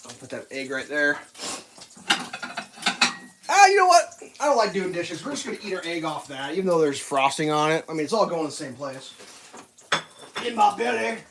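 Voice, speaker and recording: High-voiced man rambling through stories. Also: normal speed, pauses often, background noise. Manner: rambling, animated, laughs at his own stories. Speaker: streamer cooking breakfast. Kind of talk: casual storytelling while cooking.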